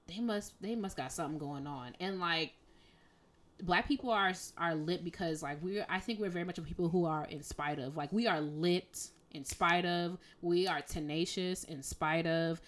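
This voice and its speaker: A woman's voice: lowish voice, moderate pace, fairly bright tone. A woman co-hosting a podcast, ranting emphatically and exasperatedly in casual speech. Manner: exasperated, emphatic, conversational slang. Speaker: podcast co-host.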